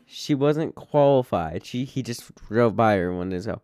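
A man's voice: mid-range voice, animated, normal speed, a little mellow, no room sound. A man hosting a podcast in casual chat, rambling and laughing often. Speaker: podcast host.

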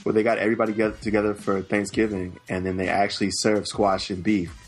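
Brief: low-voiced male podcast co-host, loud, profane, quick to get excited. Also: breathy edge, soft background music. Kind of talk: casual chat.

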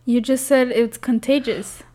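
A young woman co-hosting a podcast, needling her partner with playful questions. Her voice sits a little higher than usual for a woman. She talks in a teasing, casual way. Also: steady tone, measured pace, dark tone. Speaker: podcast co-host. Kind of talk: casual chat.

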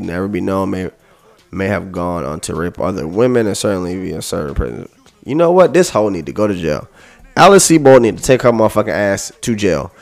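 A man's voice: on the low side, a little mellow. A man hosting a podcast, ranting heatedly and profanely, repeating himself. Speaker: podcast host.

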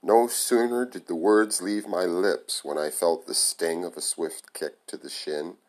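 Low-voiced man reading a novel aloud. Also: fairly even intonation, measured pace, low-quality recording. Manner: plain amateur reading with small stumbles and self-corrections. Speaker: reader.

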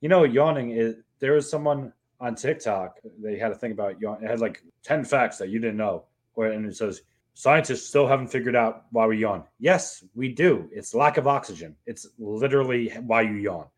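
A man's voice: medium pitch, normal speed. A man co-hosting a podcast in casual, rambling banter, laughing often. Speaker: podcast co-host. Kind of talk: casual chat.

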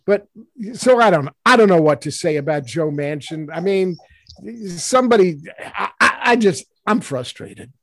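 A man's voice: high voice, lively intonation, moderate pace, fairly bright tone, no echo, studio quality. A man on a political panel, sounding exasperated and repeating himself, with frequent restarts. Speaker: political commentator.

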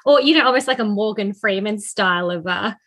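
A woman's voice: mid-range voice, brisk, fairly bright tone. A woman co-hosting a podcast, talking enthusiastically in casual chat and laughing often. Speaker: podcast co-host.

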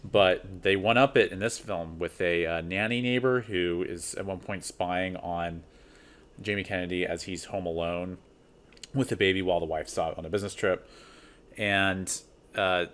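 A man's voice: low-pitched, steady tone, moderate pace, a bit bright. A man on a film podcast, casually retelling scenes he remembers. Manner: storytelling, recounting scenes. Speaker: podcast co-host.

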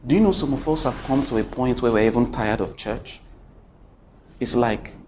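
Telling a story with abrupt shifts in pitch and volume, a preacher questions his congregation directly and leans on repeated phrases. He speaks at a normal speed, and the dull lo-fi recording carries faint ambience and slight background noise.

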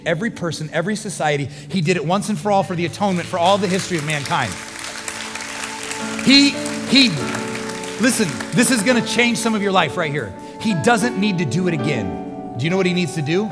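A pastor preaching a sermon in an earnest, conversational way, building to emphatic peaks. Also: male voice, on the high side. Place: large church hall. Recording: long church hall reverb with music behind.

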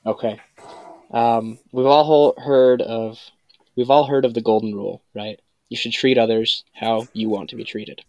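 Measured, hesitant man on a dry mic. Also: medium pitch, fairly even intonation, dry recording, highs cut off. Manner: measured, hesitant, with many ums. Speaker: life coach guest. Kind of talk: casual podcast interview.

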